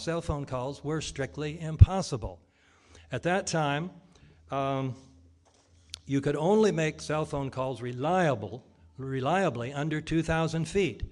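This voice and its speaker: A man giving a public lecture in an argumentative way, posing rhetorical questions and pausing with frequent ums and uhs. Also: fairly high pitch.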